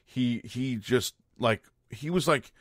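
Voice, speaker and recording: A man's voice: mid-range voice, slow, dry recording, studio quality. A man hosting a podcast, telling a story as a casual rant in a blunt, profane and exasperated way. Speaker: podcast host.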